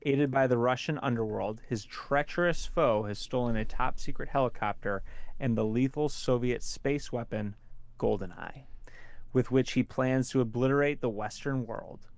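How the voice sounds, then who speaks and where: A man with a mid-pitched voice reads a blurb aloud as a guest on a podcast. His delivery is dry and deadpan. The recording sounds close and dry. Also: normal speed, no echo.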